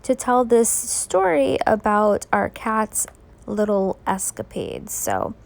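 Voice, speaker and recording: A woman's voice: mid-range voice, wildly swooping pitch, takes it slowly, gravelly. A woman, sleepy and yawning, chatting through a rambling, filler-heavy late-night craft voiceover. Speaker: scrapbooking video creator. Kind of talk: casual voiceover narration. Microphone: voice-over.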